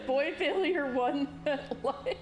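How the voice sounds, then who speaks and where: A woman streamer reading a visual novel aloud and reacting with animated, profane, casual commentary. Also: high voice. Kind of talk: live game playthrough, reading text aloud and reacting. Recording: game music underneath.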